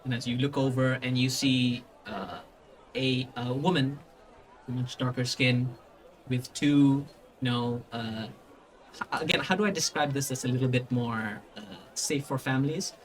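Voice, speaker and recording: A man narrates a tabletop game as game master. He rambles on with frequent fillers and restarts, keeping his voice at a middling pitch. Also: measured pace, a little hiss or hum.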